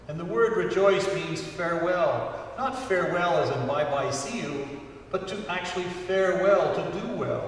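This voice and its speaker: A man preaching a sermon as a priest to his congregation, earnest and unhurried, with emphatic rises on key words. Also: high voice, expressive, a little hiss or hum. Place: church sanctuary. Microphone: distant room mic. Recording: far-off voice in echoey church hall.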